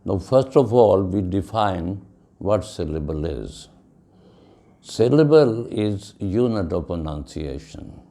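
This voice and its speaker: A man teaching a lecture on pronunciation, speaking slowly and deliberately and spelling words out letter by letter. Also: deep voice, sing-song, warm tone. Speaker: English teacher. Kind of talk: classroom lecture.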